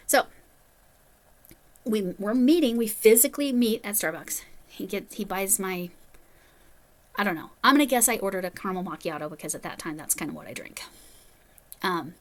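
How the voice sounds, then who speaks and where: Woman, casual storyteller, rambling and self-mocking, mid pitch. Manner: chatty, rambling asides, self-deprecating. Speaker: crochet vlogger.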